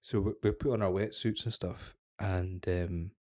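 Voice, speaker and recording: Low-voiced man telling a sweary story. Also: steady tone, normal speed, warm tone, no room sound, studio quality. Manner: swears freely, tells a long anecdote with acted-out quotes. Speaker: podcast co-host. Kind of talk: casual chat, storytelling.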